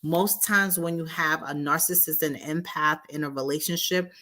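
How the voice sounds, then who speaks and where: A woman with a somewhat low voice hosts an online talk, laying out her points step by step. She keeps checking in with her listeners and sometimes slips into the voices of the people she describes. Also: steady tone, moderate pace, pushed and bright. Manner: explains step by step, often checks in with "right?" and "okay?"; acts out quoted voices of partners. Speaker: host. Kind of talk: talk on relationships to an online audience.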